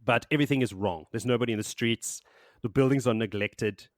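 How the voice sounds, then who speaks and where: A man's voice: mid-range voice, brisk, no echo, studio quality. A man hosting a podcast, chatting casually and rambling as he recaps a book, laughing and swearing now and then. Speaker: podcast host.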